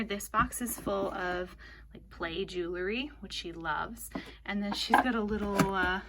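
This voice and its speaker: A young woman talking casually in a breathy, winded voice, often dropping to a half-whisper. Her pitch sits in the middle of the female range, and she explains things in an easygoing, chatty way. A faint hiss of room noise sits under her voice. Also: pushed and bright. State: out of breath, pregnant. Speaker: vlogger. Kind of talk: casual room-tour walkthrough. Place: indoors in a child's bedroom.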